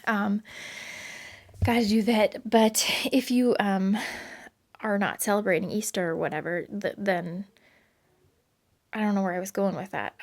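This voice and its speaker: A woman's voice: mid-range voice, measured pace, pauses often. A woman chatting casually as she sets up a planner, rambling with many fillers and little laughs, recorded at home. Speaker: planner vlogger.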